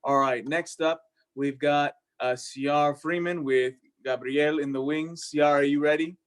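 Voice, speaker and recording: A man's voice: a little high, steady tone, unhurried. A man hosting an online poetry show over a video call, upbeat and friendly as he introduces each poet. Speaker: host. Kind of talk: casual emcee chat.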